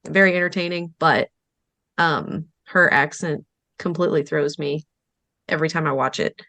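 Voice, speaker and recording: A chatty female podcast guest who fills her talk with "um" and "like". Her voice is unusually low for a woman. The sound is dry and close. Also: steady tone, moderate pace, pushed and bright, no room sound. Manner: chatty, many fillers like "um" and "like". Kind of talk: casual movie podcast chat.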